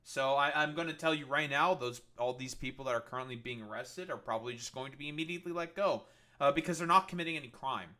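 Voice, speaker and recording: A man's voice: mid-range voice, fast, pushed and bright. A man giving sarcastic, swearing commentary while reacting to a news video, full of fillers and restarts. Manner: heavy swearing, sarcastic and scornful; filler-heavy, restarts often. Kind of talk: ranting stream commentary.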